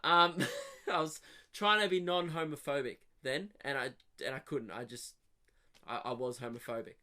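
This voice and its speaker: A young man from Australia, hosting a podcast with a rambling, swearing comic monologue that swings from loud rants to mutters. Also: medium pitch, moderate pace. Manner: swearing, animated rants with sudden drops to mutters. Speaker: comedian podcast host.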